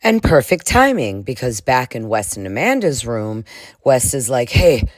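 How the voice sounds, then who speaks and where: A woman's voice: very deep voice, very animated, normal speed, no room sound. A woman giving a casual, sassy reality-TV recap, laughing often and swearing freely. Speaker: recap vlogger.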